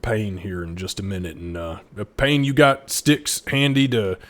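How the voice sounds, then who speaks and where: A man's voice: on the low side, lively intonation, moderate pace, a bit bright. Man putting on a coarse Southern drawl adventurer. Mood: gruff. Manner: coarse, swears freely.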